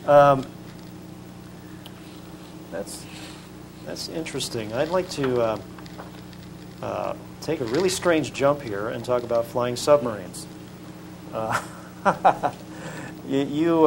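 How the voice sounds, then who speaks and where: A man with a medium-pitched voice puts questions to his guest, stumbling and filling his pauses. Clear background noise runs behind him. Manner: hesitant questions with stumbles and fillers. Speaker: interviewer. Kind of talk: interview questions.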